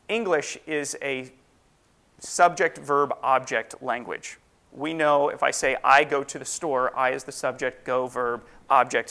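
A man's voice: mid-range voice, vocal fry, a bit bright. A man teaching a Sunday school Bible class, explaining step by step and asking and answering his own questions.

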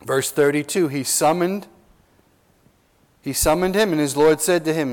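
A man preaching an expository sermon as pastor, earnest and emphatic, with slow drawn-out stresses and rhetorical questions. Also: on the high side, expressive, darkish tone.

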